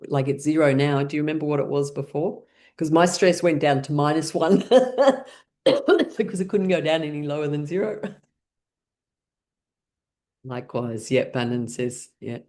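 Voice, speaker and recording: Low-voiced woman leading laughter exercises. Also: mellow. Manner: bursts into frequent forced laughter; playful, leading imaginary scenarios. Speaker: laughter yoga teacher. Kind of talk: guided online class.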